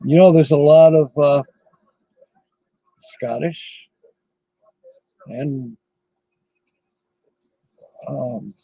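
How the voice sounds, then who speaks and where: A man's voice: fairly high pitch, drawn-out words, creaky, long pauses, dark tone, no room sound, poor audio. A middle-aged man hosting a casual livestream from his RV, rambling and chuckling often as he chats with viewers. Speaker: livestream host.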